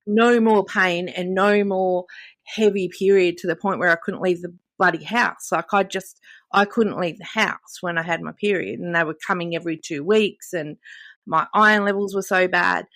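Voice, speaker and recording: A woman's voice: on the low side, fairly even intonation, moderate pace, fairly bright tone, no echo. A woman in her fifties, chatting candidly on a podcast and telling stories full of quoted dialogue. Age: 50s. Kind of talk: casual podcast conversation.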